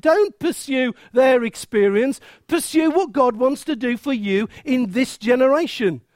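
A man preaching a sermon in a lively, conversational way, acting out quotes and often restarting his sentences. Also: very high voice, dry recording, clean studio sound.

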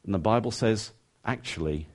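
A man preaching a sermon, moving from emphatic rising questions to quiet, earnest asides and acting out his listeners' thoughts. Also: on the low side, moderate pace. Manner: conversational, acts out listeners' thoughts.

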